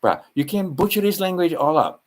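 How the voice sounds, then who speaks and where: A man's voice: high-pitched, big pitch swings, fairly quick. A man with a Hawaiian Pidgin accent talking in a casual, rambling monologue, full of restarts and slang.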